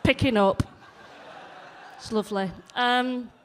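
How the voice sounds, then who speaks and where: Young Yorkshire woman comic, high-pitched, chatty and self-mocking on stage. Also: slow pace. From northern England, near Leeds. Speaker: stand-up comedian. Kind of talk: stand-up comedy set. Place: comedy hall stage.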